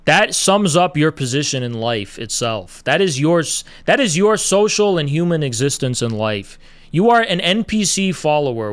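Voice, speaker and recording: A man's voice: a little high, smooth, no echo. A man giving a combative livestream monologue, taunting his critics with rhetorical questions. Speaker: party chairman streaming on social media.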